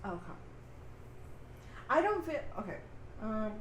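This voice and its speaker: A young woman co-hosting a podcast, chatting casually through a TV recap, hesitant and quick to laugh as she reads from her notes. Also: a little high, sing-song, slight background noise. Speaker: podcast co-host. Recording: roomy echo.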